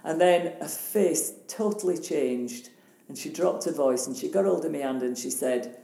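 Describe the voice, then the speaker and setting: A Northern English woman in her sixties, a guest telling a personal story in an interview, blunt and animated, swearing freely. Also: low voice, normal speed, creaky, roomy sound. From Northern England. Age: 60s.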